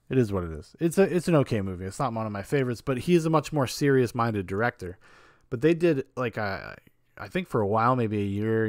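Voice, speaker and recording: A man's voice: fairly low pitch, no room sound, studio quality. A man hosting a podcast, giving a casual and frank film review in a rambling, opinionated way with some swearing.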